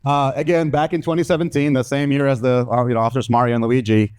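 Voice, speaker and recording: A man's voice: medium pitch, flat delivery, fast talker, darkish tone, clean tone, no room sound, studio quality. A man from Mexico in his thirties doing a stand-up comedy set, loose and profane, often laughing at his own jokes.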